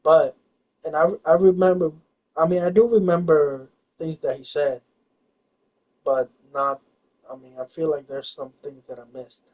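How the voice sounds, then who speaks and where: A man's voice: fairly high pitch, fairly even intonation, measured pace. A man telling a personal story in casual chat, rambling and hesitant, full of fillers and restarts. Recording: distant, dull lo-fi recording.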